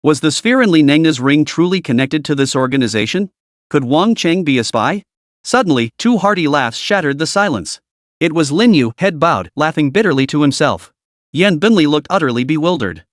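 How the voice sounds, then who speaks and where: A man's voice: on the high side, animated, normal speed, dry recording, studio quality. A man narrating a scripted story in a dramatic recap reading.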